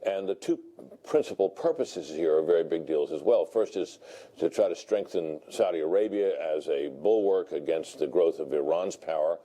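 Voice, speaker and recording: A man commenting on a televised political panel, measured and deliberate, often hunting for words. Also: sits low, expressive, dark tone. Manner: measured and deliberate, with frequent filler words and restarts. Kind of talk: broadcast panel discussion.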